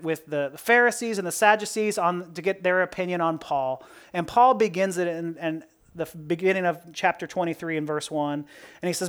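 A woman preaches a sermon in a relaxed, conversational style, speaking at an average pitch. She keeps posing rhetorical questions to her listeners and laughs at her own jokes.

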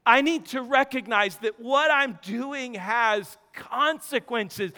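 A man in his thirties preaching a sermon, telling stories with quick laughing asides and restarts. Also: very high voice, big-room sound. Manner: animated storytelling, self-interrupting, laughing asides. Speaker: pastor.

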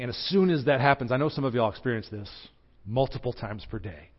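A young adult man with a Southern American accent preaching a sermon, telling a personal story earnestly, with his voice rising and falling in pitch and loudness. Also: lively intonation, moderate pace, pauses often, lo-fi sound. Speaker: pastor.

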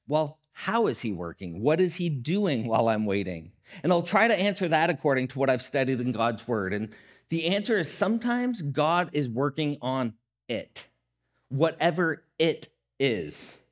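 A man in his thirties preaching a sermon as pastor, in a conversational way, acting out little quotes along the way. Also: on the high side.

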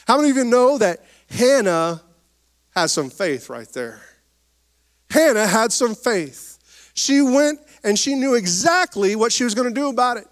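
A man's voice: very high-pitched, sing-song, a little slow. A man in his thirties preaching a sermon, with folksy humor, rising and falling emphasis and calls for amens. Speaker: pastor.

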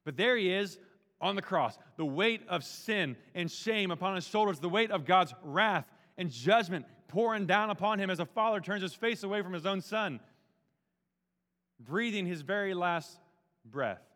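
A pastor with a high, fairly bright voice delivers a sermon at normal speed, animated and emphatic in a down-to-earth way. He slips casual slang between solemn points, and his words ring out with the long reverb of a large hall.

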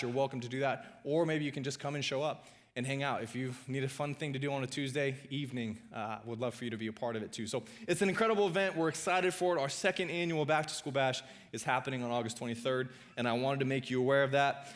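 Speaking in a mid-range voice, this pastor delivers his sermon like a conversation, frequently pausing on fillers and slipping in brief remarks to the congregation.

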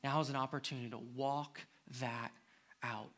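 A man's voice: mid-range voice, fairly even intonation, moderate pace, fairly bright tone. A man preaching a sermon as pastor, reading scripture aloud and then building to an emphatic, impassioned appeal. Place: church.

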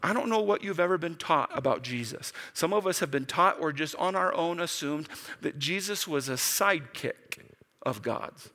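A man preaching a sermon, talking casually and acting out the quotes with big swings in his voice. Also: normal speed. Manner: animated, acts out quotes with big pitch jumps. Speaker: pastor. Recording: long hall reverb.

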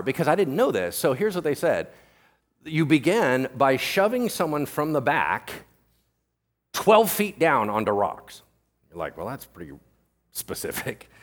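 A man pastor giving a sermon in a conversational way, firing quick questions at the congregation and mixing jokey asides into earnest teaching. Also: medium pitch.

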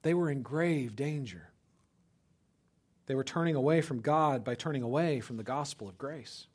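A man preaching a conversational sermon, checking in with listeners and breaking into loud, animated bursts for emphasis. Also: medium pitch, moderate pace, husky. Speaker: pastor.

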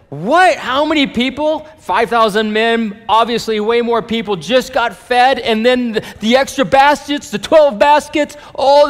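Animated male pastor in a reverberant hall. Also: sits high. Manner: animated storytelling, acting out the people in the story. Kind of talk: sermon. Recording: long reverb of a large hall.

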